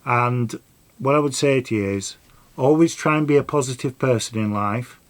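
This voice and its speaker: A man's voice: mid-range voice, normal speed, no room sound. A middle-aged man, telling a rambling personal story and giving earnest advice in a casual vlog. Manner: rambling, earnest, dialect grammar. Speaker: vlogger.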